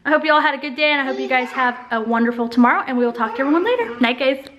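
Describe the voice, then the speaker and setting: Racing through stories in a high-pitched, expressive, fairly bright voice, a Texas vlogger and mother chats casually from inside her family home. She laughs a lot, and a little hiss or hum sits under the recording.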